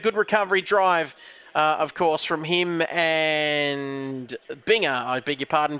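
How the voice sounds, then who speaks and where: A man's voice: on the high side, fairly even intonation, slow pace, pushed and bright, clean tone. A man giving live commentary on a sim race, chatty and jokey, reading out viewer comments as he goes.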